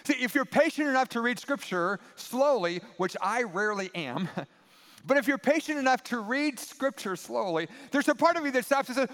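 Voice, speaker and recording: A man preaching a sermon in a conversational, animated way with playful asides. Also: very high-pitched, moderate pace, in a large hall. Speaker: pastor.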